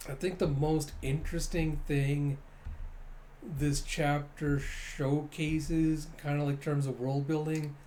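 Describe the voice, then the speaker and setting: Animated man reading comics aloud. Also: on the high side, a little hiss or hum. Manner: animated, laughs often, quick asides. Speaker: comic reader and reviewer. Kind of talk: casual comic read-through with commentary.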